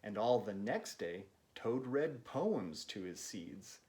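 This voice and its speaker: Chill guy doing kids storytime, slow reading, chats with the kids between pages. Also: on the low side, very animated. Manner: gentle, chatty asides to young listeners. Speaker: children's book reader. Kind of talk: read-aloud storytime for kids.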